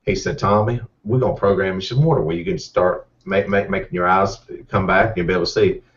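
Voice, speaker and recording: A middle-aged race car driver, telling a rambling, folksy story with repeated words. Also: male voice, sits low, fairly even intonation, fast talker. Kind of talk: casual storytelling. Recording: distant, muffled mic.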